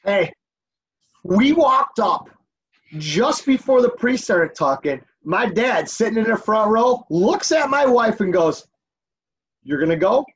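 A man with a high, husky voice talks with friends in casual banter. He teases bluntly, and his pitch leaps around a lot as he fires back quick comebacks. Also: lively intonation, fairly bright tone, highs cut off.

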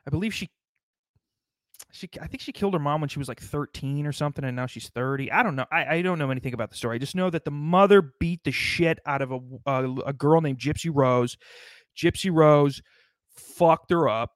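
A man's voice: a little high, brisk, no room sound. Sardonic, foul-mouthed rambling man. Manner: rambling, sardonic, swears constantly. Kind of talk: profane comedic monologue.

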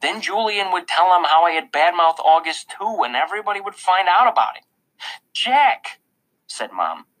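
A man narrating a children's novel in the first person, with an expressive storytelling delivery. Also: high voice, fairly quick, few pauses, poor audio. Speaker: audiobook narrator.

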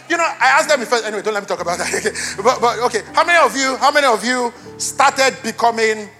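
A high, bright male voice delivers a church sermon, joking easily with the room before building to loud, fervent emphasis. Faint music plays underneath him. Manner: playful, conversational, rising to loud emphatic preaching. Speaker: pastor.

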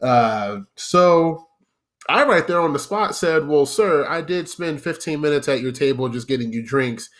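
A young male podcast host tells a profane story about his old job, his casual, animated monologue tipping into rants aimed at the listener. His voice sits on the high side and his pace is measured.

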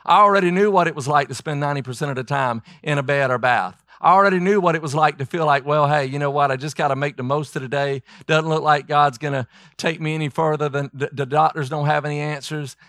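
Guy preaching a sermon, kinda high voice, goes from loud pleading to hushed, dry close sound. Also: quick pace, dry recording. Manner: impassioned, swings from loud pleading to low hushed lines. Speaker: pastor.

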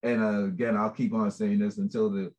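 A man chatting casually about a book project, rambling, animated and laughing often. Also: lowish voice, a little fast. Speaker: book contributor. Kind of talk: casual chat.

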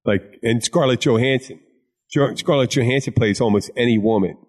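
A man's voice: mid-range voice, normal speed. A man from Philadelphia with a Philadelphia accent, hosting a casual chat in a rambling, jokey, profane way. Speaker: host.

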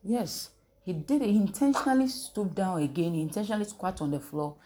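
A woman preacher with a medium-pitched, warm voice teaches from the Bible in an animated, fairly quick manner. She uses call-and-response, putting questions to her listeners and waiting for their answers.

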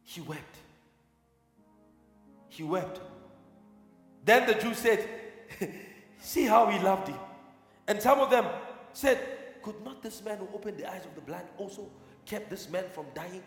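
High-pitched preacher man, fired up, repeats himself, lots of hall echo and a bit of music behind. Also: expressive, unhurried, pauses often. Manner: fervent, speaks in tongues, repeats phrases. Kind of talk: sermon. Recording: echoey hall with long reverb.

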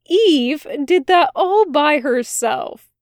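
A woman's voice: high-pitched, expressive, slow pace, dry recording, studio quality, voice pushed up, full character voice. Woman doing a wry, drawling male demon. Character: wry sardonic male demon, laid-back.

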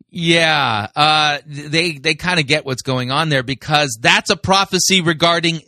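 A man's voice: fairly high pitch, takes it slowly, sharp tone, no room sound, studio quality. A man hosting a sermon review, commenting sarcastically and mockingly with lots of fillers.

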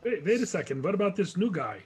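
A man's voice: high-pitched, very animated, quick pace, breathy edge, soft background music. A man playing a tabletop game, asking the game master lots of questions. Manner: curious, asks many questions. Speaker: player.

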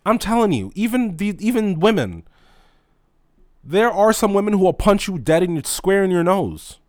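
Young man ranting with lively swings. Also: sits high, moderate pace, no echo, studio quality. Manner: animated, exasperated, heavy swearing, mock-incredulous. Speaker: retail store manager. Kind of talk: storytime rant to camera.

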